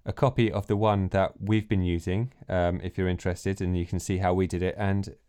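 A man's voice: deep voice, flat delivery, a little fast, dark tone, smooth. A man co-hosting a tabletop gaming podcast, chatting casually with upbeat, teasing banter. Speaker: podcast co-host and player. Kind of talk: casual chat about a tabletop game.

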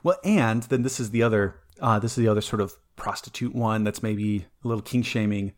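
A man's voice: on the low side, fairly quick. A man co-hosting a podcast, talking about folklore in a casual, rambling way with lots of fillers and restarts. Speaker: podcast co-host presenting folklore. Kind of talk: casual chat.

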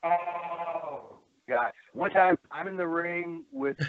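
A man's voice: a little high, slow pace, dry recording. An older man, once a pro wrestler, calls in over a thin, phone-like line. He rambles from story to story in a salty way and laughs at his own tales. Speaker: former pro wrestler, guest. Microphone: telephone.

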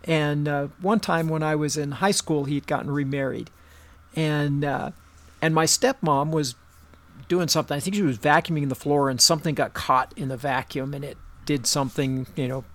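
A man's voice: on the high side, normal speed. A man in casual conversation, telling a rambling personal story and then a joke, with many fillers and restarts. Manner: rambling, animated joke-telling with acted quotes.

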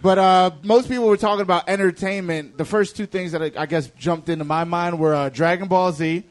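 Male comic guest, high pitch, brash and crude, lots of laughter. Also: steady tone, brisk. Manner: loud, laughing, crude jokes. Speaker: comedian guest. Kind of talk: loud comedic banter.

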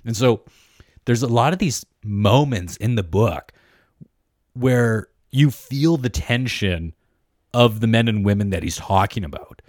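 A man with a fairly low voice talks through a book on a podcast. He hedges and keeps asking "right?" along the way. The recording is dry, with no room sound. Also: unhurried, no echo. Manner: animated, hedging, full of "right?" and "like". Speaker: podcast co-host. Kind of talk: casual book review chat.

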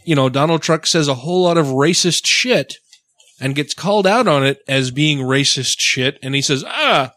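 A man's voice: a little high, normal speed, a bit bright, no echo. A man co-hosting a casual podcast, ranting with plenty of swearing. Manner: profane ranting. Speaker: podcast co-host. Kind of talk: casual chat.

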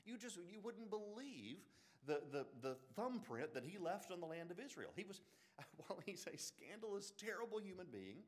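A man with an Alabama Southern accent giving a classroom lecture on the Bible, animated, with joking asides and frequent restarts. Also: high-pitched, moderate pace. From Birmingham, Alabama.

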